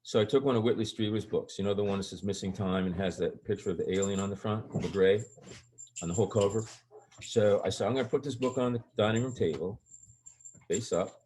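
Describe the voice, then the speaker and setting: A man's voice: lowish voice, fairly quick, darkish tone, slight background noise. An older man, a guest on an interview show, telling stories in a casual, rambling way. His voice jumps up when he acts out quoted lines. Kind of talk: casual storytelling.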